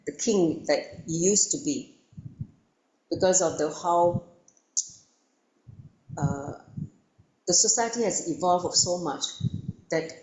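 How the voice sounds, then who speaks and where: A woman spiritual teacher telling a story to listeners, animated and acting out parts, with frequent fillers. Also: lowish voice, a little hiss or hum. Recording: echoey room.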